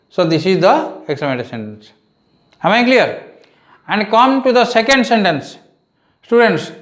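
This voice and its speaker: A man's voice: sits high, lively intonation, a little slow. A male teacher with an Odia accent, giving a grammar lesson to pupils, repeating key phrases and asking them questions. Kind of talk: slow classroom grammar lesson. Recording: echoey room.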